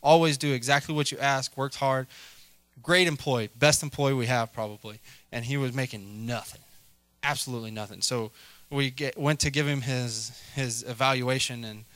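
A man's voice: mid-range voice, steady tone, normal speed, fairly bright tone, dry recording. A middle-aged man preaching a casual sermon, chatty, with many fillers and a habit of asking "right?". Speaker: lay preacher.

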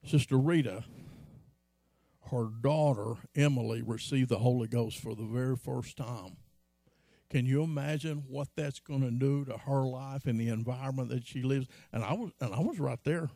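A man's voice: normal speed, gravelly, dark tone, no echo, clean studio sound. A man preaching a sermon as pastor, telling stories from his life and acting out quotes. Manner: storytelling, acts out quotes in a high voice.

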